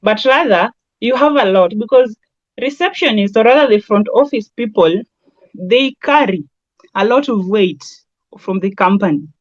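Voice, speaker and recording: A woman's voice: medium pitch, animated, normal speed, no echo, highs cut off. A woman with a Kenyan accent giving a lecture on branding, talking in a conversational way with everyday examples. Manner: conversational, with lots of everyday examples and Swahili asides. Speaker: branding trainer.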